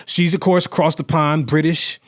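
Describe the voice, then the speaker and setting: A man co-hosting a podcast in casual chat, animated and rambling, often restarting his sentences. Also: fairly high pitch, moderate pace. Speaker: podcast co-host.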